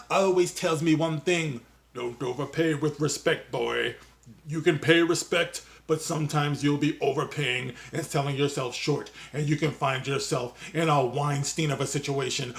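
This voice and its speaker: A man's voice: fairly high pitch, a little slow, vocal fry, a bit bright. A man voicing a cocky, aggrieved young man. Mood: mocking.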